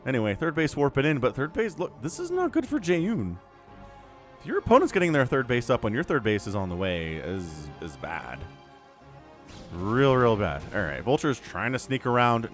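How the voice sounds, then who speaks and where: A man's voice: mid-range voice, sing-song, moderate pace, a bit bright, faint music behind. A man casting a strategy game match solo, chatty and rambling with jokey asides. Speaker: esports caster. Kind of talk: solo play-by-play game commentary.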